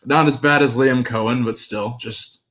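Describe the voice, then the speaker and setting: A man co-hosting sports talk, setting up topics and agreeing along in a relaxed, easygoing way. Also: mid-range voice. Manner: easygoing, agreeable, quick to laugh.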